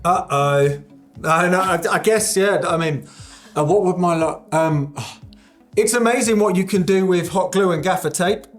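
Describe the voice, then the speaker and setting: A woman speaking slowly in a lowish voice. She is a musician guest in a relaxed interview, laughing often and swearing lightly. Her tone stays self-deprecating and unpolished. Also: soft background music. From United Kingdom. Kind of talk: casual interview chat.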